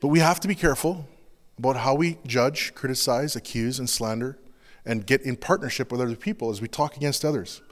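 A pastor giving an earnest, confessional sermon in a loose, conversational way, full of casual fillers. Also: male voice, mid-range voice, brisk, in a large hall.

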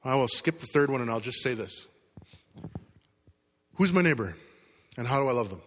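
Bright-voiced man preaching in a reverberant hall. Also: mid-range voice, lively intonation, normal speed. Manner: casual, conversational storytelling with acted quotes. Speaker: pastor. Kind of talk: sermon with storytelling.

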